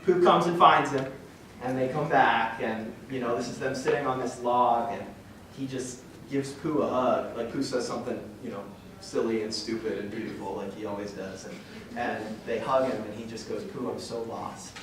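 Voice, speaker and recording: Here a young guest speaker at a parish event talks with a mid-range voice, a steady tone, and normal speed. His faith talk to the church group is heartfelt and emotional but wanders, full of restarts and little chuckles. The sound is distant and noisy, bouncing around a very reverberant hall.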